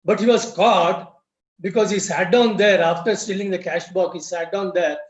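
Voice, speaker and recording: A man's voice: high-pitched, steady tone, moderate pace. Man telling parables in a roomy, muffled webinar. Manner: tells parables, repeats key phrases for emphasis. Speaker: guest speaker at a lodge webinar. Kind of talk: storytelling lecture. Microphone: video call.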